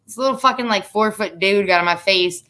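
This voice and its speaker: A woman's voice: medium pitch, fairly quick, sharp tone. A young woman hosting a casual chat, telling stories bluntly with plenty of swearing. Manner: profane, blunt storytelling. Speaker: podcast host.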